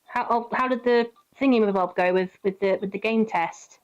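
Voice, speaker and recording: A woman's voice: mid-range voice, unhurried, long pauses, darkish tone, lo-fi sound. A British woman streaming a game, chatting casually with her viewers and greeting them by name. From Britain. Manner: chatty, giggly, talks to chat by name.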